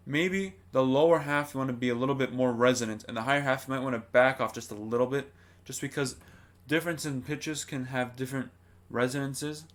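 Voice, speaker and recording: A singing teacher gives a vocal lesson to camera in a mid-range, fairly bright voice. He explains things plainly and keeps checking in with rhetorical questions.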